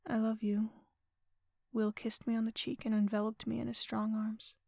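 A woman narrating a first-person erotic audio story in a breathy, often whispered, panting delivery. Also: on the high side, monotone, a little fast, darkish tone, no room sound, clean studio sound.

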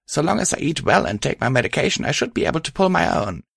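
A man's voice: on the high side, big pitch swings, quick pace, creaky, fairly bright tone, slightly rough, no room sound, studio quality, voice pushed up, full character voice. A man reading aloud and voicing a determined pregnant female pony who insists on coming along. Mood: insistent.

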